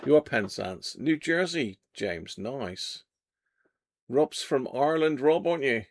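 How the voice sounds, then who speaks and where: Bloke on a livestream, bit of fry in his voice, chatty and jokey. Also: mid-range voice, animated, takes it slowly. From Devon, England. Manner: chatty, jokey, reads out viewer comments. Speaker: livestream host. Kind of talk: casual live chat. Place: home radio workshop.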